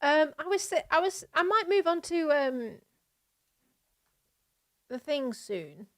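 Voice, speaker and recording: A woman's voice: sits high, very animated, slow, fairly bright tone. Rambling British woman streaming casually. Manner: rambling, filler-heavy, laughs often. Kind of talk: casual reaction-stream chat.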